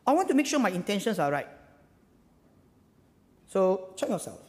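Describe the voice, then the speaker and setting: A man with a Singaporean English accent gives a sermon in a church hall, his voice sitting high and swinging widely up and down. He keeps it chatty, tags phrases with "ah" and "lah" and throws out rhetorical questions. A long reverb trails behind every phrase. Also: very animated, moderate pace, darkish tone. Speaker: pastor.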